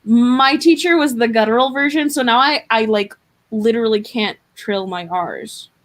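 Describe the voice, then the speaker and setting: A woman's voice: fairly high pitch, moderate pace. Chatty woman from Arizona. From Arizona, USA. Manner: chatty, self-deprecating, rambling. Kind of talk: casual chat.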